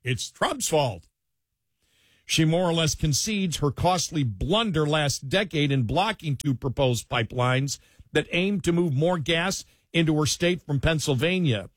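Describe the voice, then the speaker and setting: A man's voice: on the high side, expressive, unhurried, no room sound, studio quality. A man hosting an opinionated political talk radio show, sarcastic and mocking as he riffs on the news. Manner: sarcastic, mocking, mimics opponents.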